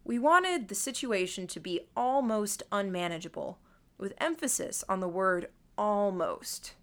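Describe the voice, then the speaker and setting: A woman reading a first-person audiobook in a measured, wry, observant way. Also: medium pitch, very animated, a bit bright. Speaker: audiobook narrator.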